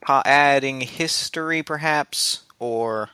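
A man narrating as game master of a tabletop game, in a relaxed, loose style with frequent restarts and fillers. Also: mid-range voice, slow pace, clean tone, dry recording.

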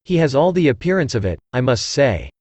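A man's voice: medium pitch, sing-song, brisk, a little mellow, husky, no echo. A synthetic male voice reading a placid, vain old-stage mother. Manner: genteel, complacent speech. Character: fond, placid, vain middle-aged mother, former actress.

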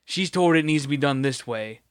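A man's voice: medium pitch, animated, fairly quick, clean tone, no echo, clean studio sound. A man in casual chat, rambling and swearing as he tells a work story. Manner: rambling, profane, sympathetic storyteller.

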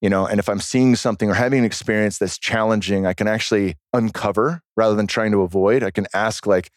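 A man guest on a podcast, telling stories in a casual, animated, profane way. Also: lowish voice, quick pace, no room sound, clean studio sound. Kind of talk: casual storytelling chat.

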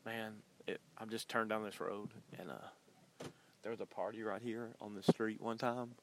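Low, gravelly man hosting a casual podcast from behind the wheel, loose and filler-heavy. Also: flat delivery, moderate pace, a bit bright, a little hiss or hum. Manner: loose and chatty, many ums and uhs. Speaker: podcast host. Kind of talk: casual rambling monologue. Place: in a car while driving.

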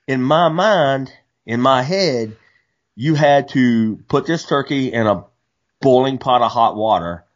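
Male podcast co-host, mid pitch, animated rambling storyteller, lo-fi audio. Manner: animated storyteller, frequent restarts. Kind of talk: casual hunting chat.

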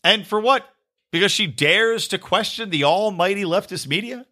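A man's voice: high voice, expressive, moderate pace, pushed and bright. A man hosting a podcast, delivering a sarcastic, ranting political commentary monologue and swearing freely. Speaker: podcast host.

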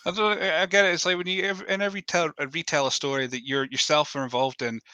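Bright Scottish man in dry sound. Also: on the high side, flat delivery, quick pace, dry recording, dull audio. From Elgin, Scotland. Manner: stammering starts, chatty. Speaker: podcast host. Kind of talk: casual interview chat.

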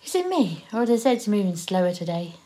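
A woman acting a blunt, teasing survivor of a zombie apocalypse in an audio drama, quick with sweary put-downs. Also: mid-range voice, very animated, warm tone.

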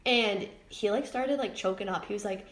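A woman's voice: medium pitch, moderate pace. A young adult woman, a podcast guest, talking candidly and emotionally about her own life, often restarting and searching for words. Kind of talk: candid personal storytelling. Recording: roomy echo.

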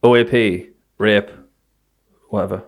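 A man's voice: on the low side, steady tone, a little slow. A young man, rambling and joking with many fillers in a casual chat.

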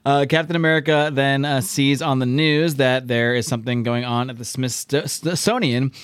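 A man in casual podcast chat, talking through a comic book story with loose, easygoing phrasing. His voice sits at an ordinary middle pitch. The recording is close and dry, with no room sound. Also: steady tone, normal speed, clear, resonant tone, no echo. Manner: chatty, restarts often, acts out characters in quotes. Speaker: podcast co-host.

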